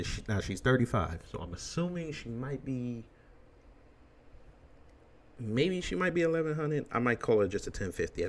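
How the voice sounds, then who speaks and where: Blunt, low-voiced ranting man. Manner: blunt, emphatic, crude. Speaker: commentary host. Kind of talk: ranting commentary.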